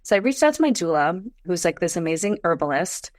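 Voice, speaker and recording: A woman in her forties, a podcast guest, telling her story in a casual interview, animated and climbing into high exclamations. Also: quick pace, no echo, clean studio sound. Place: Los Angeles.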